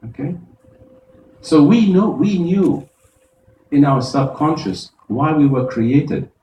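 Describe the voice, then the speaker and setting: A man, an imam, giving a Friday sermon, explaining verses step by step and reciting Arabic quickly. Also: on the high side, animated, dark tone, echoey room, recorded from a distance, dull audio, slight background noise. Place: mosque prayer hall.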